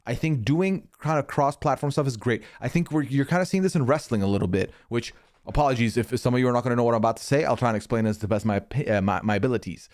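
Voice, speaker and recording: A man streaming casual commentary, rambling and swearing freely, pitch jumping up when he gets worked up. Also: fast talker, a little mellow. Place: hot indoor room.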